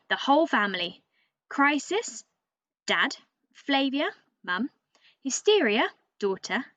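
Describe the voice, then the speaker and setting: A woman's voice: on the high side, fairly bright tone, no echo, exaggerated voice. A woman reading aloud as a cheeky, boastful male raven who bosses the listener around, in a storybook voice. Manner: cheeky, bossy, talks straight to the listener. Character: cocky chatty male raven, boastful know-it-all. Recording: dull lo-fi dry recording.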